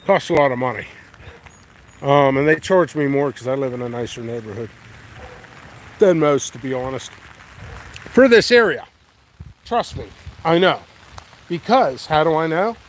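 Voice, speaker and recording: Rambling man touring his backyard. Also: on the high side. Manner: rambling, easygoing, thinks aloud. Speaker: pepper grower and channel host. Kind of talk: casual walking vlog. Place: outdoors in his backyard, windy. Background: light wind and outdoor noise.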